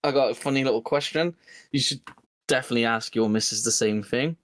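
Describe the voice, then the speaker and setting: A man co-hosting a podcast, telling an animated story and acting out both sides of an argument with his partner. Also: medium pitch, fast talker, dry recording. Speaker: podcast co-host. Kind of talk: casual chat.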